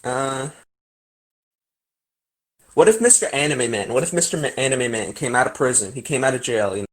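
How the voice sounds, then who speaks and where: A man's voice: medium pitch, lively intonation, normal speed. A young man co-hosting a casual podcast, with a sarcastic, teasing way of talking. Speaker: podcast co-host. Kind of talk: casual chat.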